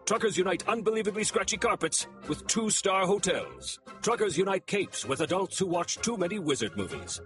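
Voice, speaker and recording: A man reads a quirky radio commercial with upbeat energy. His pitch is slightly high and very animated, with clear music underneath. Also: moderate pace, hardly any pauses.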